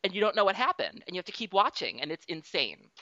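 A woman hosting a casual interview, telling stories in an excitable, animated way. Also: medium pitch, fast, dry recording, muffled recording.

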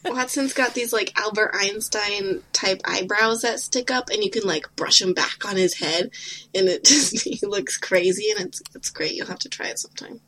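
A woman's voice: mid-range voice, lively intonation, moderate pace, fairly bright tone, slight background noise, rough recording. A young woman chatting casually, giggling and filling her talk with "like". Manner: giggly, lots of "like". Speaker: student. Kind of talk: casual chat.

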